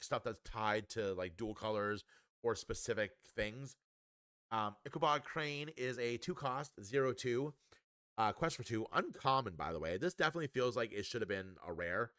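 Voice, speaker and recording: A man's voice: medium pitch, fairly bright tone, no echo. Chatty man reviewing cards, dry sound. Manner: upbeat, chatty, with frequent ums and restarts. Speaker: card game reviewer. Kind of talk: casual spoken card review.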